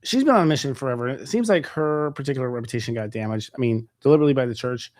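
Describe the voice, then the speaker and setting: A man hosting a casual spiritual interview, talking quickly and chattily with many filler words. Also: mid-range voice, expressive, darkish tone, no echo, studio quality. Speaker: host. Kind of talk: conversational interview.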